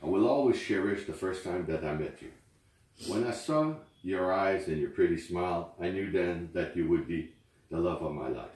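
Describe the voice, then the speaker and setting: A man whose first language is French, reading memorial poems aloud at a wake in a slow, earnest way. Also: low voice, a little mellow. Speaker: speaker at a wake. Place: memorial gathering indoors. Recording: very echoey room, far from mic.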